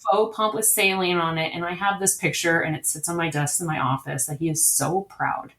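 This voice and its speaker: A woman's voice: fairly low pitch, fairly even intonation, fairly quick, fairly bright tone. A woman guest in an interview, an eager and talkative storyteller. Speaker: diabetes camp director, guest. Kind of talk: conversational interview. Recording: echoey room.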